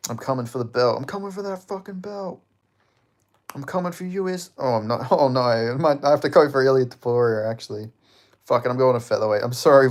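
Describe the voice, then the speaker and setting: Reading viewer comments on his livestream, this mid-pitched Aussie man keeps the chat casual and playful. He swears freely, cracks jokes, and laughs a lot between lines.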